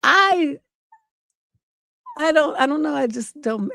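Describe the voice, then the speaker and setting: Blunt, profane woman coach, high voice. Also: slow pace, creaky, no echo, clean studio sound. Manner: blunt, profane, animated storytelling. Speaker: relationship coach and livestream host. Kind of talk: unscripted advice livestream.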